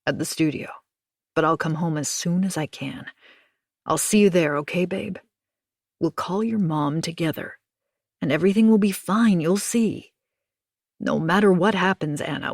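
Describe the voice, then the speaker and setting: A woman reader voicing a steady husband who speaks in a firm, soothing way. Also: fairly low pitch, no room sound, studio quality. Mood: reassuring. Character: steady reassuring husband, adult man.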